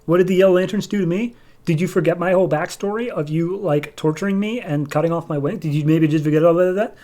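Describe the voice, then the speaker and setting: A bratty winged villainess, sarcastic and whiny, pitched up in a mocking tone as a man puts her on. Her complaints come out quick and petulant. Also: darkish tone, lightly acted.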